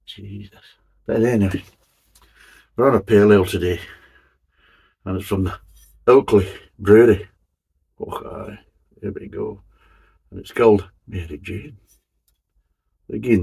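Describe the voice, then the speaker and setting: A man's voice: on the low side, gravelly, dark tone, breathy edge. A man hosting a casual beer review, grumbling and swearing between jokey asides as he reads the label.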